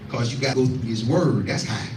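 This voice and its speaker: A man's voice: medium pitch, normal speed, darkish tone, faint music behind. A man preaching a scripture teaching, repeating lines and calling out to his listeners. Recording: echoey room, voice from far off.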